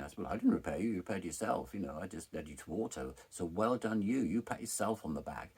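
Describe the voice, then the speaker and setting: Middle-aged man, low raspy voice, candid and animated storyteller. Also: quick pace, hardly any pauses. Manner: frank, candid, animated retelling. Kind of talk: personal storytelling.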